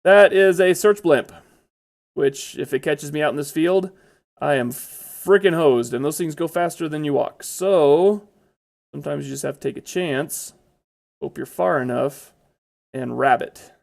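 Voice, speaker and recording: Gravelly guy chatting over his gameplay, blurts stuff out when something jumps him. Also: a little high, measured pace, darkish tone. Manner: chatty, exclaims when startled. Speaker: gameplay commentator. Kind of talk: casual gameplay commentary.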